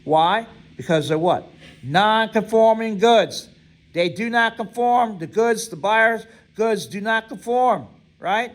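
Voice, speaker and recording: High-pitched male instructor, classroom lecture, reads and quizzes students. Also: takes it slowly, poor audio. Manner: quizzing, reads text aloud and asks students to fill in words; repeats "right?" often.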